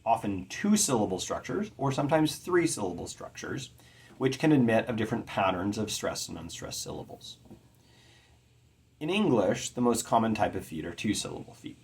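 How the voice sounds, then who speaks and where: A middle-aged man teaching about poetic meter in an earnest, measured way, carefully stressing his words. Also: lowish voice, slightly rough. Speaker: poetry teacher.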